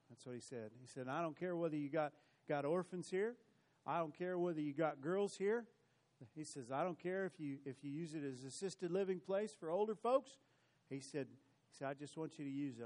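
A man preaching a sermon in a slightly higher voice. He tells a story loosely, restarting phrases and repeating words as he goes. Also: dark tone.

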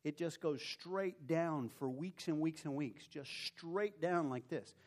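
A man preaching and telling a personal story in a lively way, mocking himself as he acts out the scenes. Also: a little high, takes it slowly. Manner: animated, self-mocking storyteller who acts out his own story. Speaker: preacher giving a testimony. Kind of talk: sermon storytelling.

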